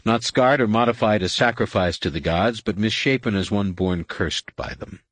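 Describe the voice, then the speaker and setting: A man narrating an audiobook in a measured, dramatic storytelling manner. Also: lowish voice, lively intonation, no echo. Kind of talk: scripted narration.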